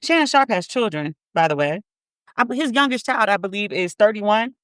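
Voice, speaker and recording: A woman's voice: mid-range voice, expressive, normal speed, fairly bright tone, no echo, studio quality. A woman hosting a podcast, giving blunt, profane commentary, repeating words for emphasis and reading statements aloud. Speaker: podcast host. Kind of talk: casual commentary.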